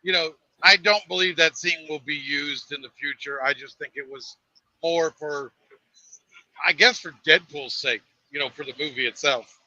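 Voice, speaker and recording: A man speaks in a casual movie chat with a very bright, sharp tone, a little higher than most men. His voice comes through a muffled, lo-fi mic. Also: moderate pace.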